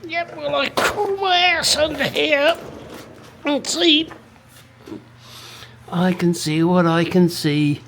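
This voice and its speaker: A man's voice: extremely high pitch, expressive, slow, creaky, long pauses, a bit bright, slight background noise. A middle-aged English man restoring a classic car in his home garage, talking bluntly to the camera and swearing freely. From England. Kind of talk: casual workshop vlog.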